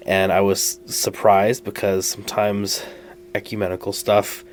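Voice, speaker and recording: A low-voiced man tells stories as a podcast guest, earnest and halting, often restarting his sentences. A faint hum sits in the background. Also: flat delivery. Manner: earnest storyteller, halting restarts, laughs at himself. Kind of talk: casual chat.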